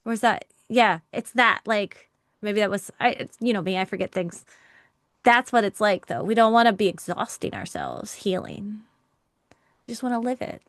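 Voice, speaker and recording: Woman, young adult, workshop facilitator; encouraging, chatty, quick to laugh; mid-range voice, dry close sound. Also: mid-range voice, expressive, no room sound. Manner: encouraging, conversational, laughs often. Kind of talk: live online workshop, reading and answering chat.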